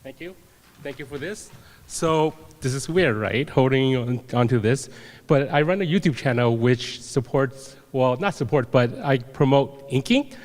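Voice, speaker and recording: A man giving a humble, halting acceptance speech on a convention stage, earnestly thanking voters and fellow nominees. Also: medium pitch, darkish tone. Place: large convention hall stage. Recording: long hall reverb.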